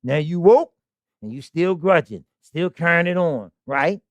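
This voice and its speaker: A male preacher delivers a sermon full of rhetorical questions and call-and-response. His voice sits fairly high and moves through a wide, animated range. The recording is dry and close, with almost no room echo. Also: a little slow. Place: congregation hall.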